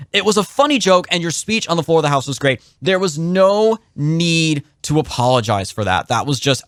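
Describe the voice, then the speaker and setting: A young man talking quickly on a political podcast, his pitch leaping up and down as he drives home opinions. The sound is dry and close, with no room around him. He slips into the voices of people he quotes. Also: no room sound. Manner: animated, opinionated, swings pitch sharply for emphasis. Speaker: podcast co-host. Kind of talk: casual political podcast chat.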